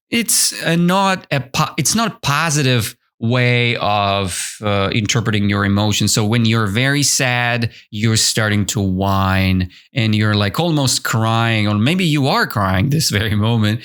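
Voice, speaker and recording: A man whose first language is Russian, hosting an English-learning podcast and chatting his way through a storybook lesson with animated, self-correcting explanations. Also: medium pitch, measured pace, vocal fry. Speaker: English teacher, podcast host.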